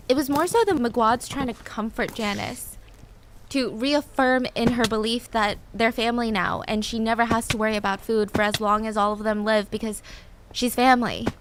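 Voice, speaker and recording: A woman's voice: on the high side, moderate pace, background noise. A woman narrating a true story in a casual, chatty way, with filler words and personal asides.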